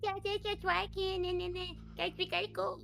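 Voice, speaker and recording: A woman's voice: very high voice, little pitch movement, moderate pace, gravelly, a bit bright. A woman playing in a tabletop game, chatty and full of fillers. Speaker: player. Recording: noisy background.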